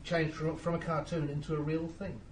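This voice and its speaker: Fast-talking dry man. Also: fairly high pitch, flat delivery, a little hiss or hum, poor audio. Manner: dry, matter-of-fact storytelling. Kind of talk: casual studio chat.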